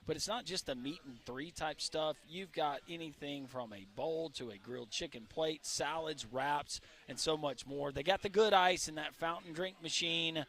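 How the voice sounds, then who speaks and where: A man hosting live sports radio with an upbeat, salesy delivery, quick through an ad read. His voice sits a touch high for a man. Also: fairly bright tone. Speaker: radio host. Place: restaurant on location broadcast.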